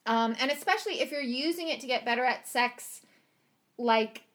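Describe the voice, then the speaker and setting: A woman with a fairly high, slightly bright voice talks at a normal speed while co-hosting a podcast. She recaps a show in casual, chatty conversation, full of "like" and "um," and laughs easily.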